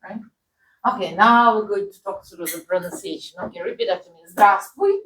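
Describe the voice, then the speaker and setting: A woman's voice: medium pitch, fairly quick, a bit bright, echoey room, far from the mic, a little hiss or hum, low-quality recording. A woman who speaks Russian natively, teaching a language lesson in English and having the learner repeat phrases after her. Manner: patient, drills phrases for repetition, checks with "right?".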